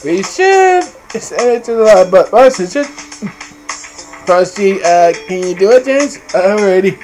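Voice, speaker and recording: A woman's voice: medium pitch, expressive, takes it slowly, rough recording. Giggly woman streamer over game music. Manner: giggly, laughs often, exclaims loudly. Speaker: gameplay streamer. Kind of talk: casual game commentary.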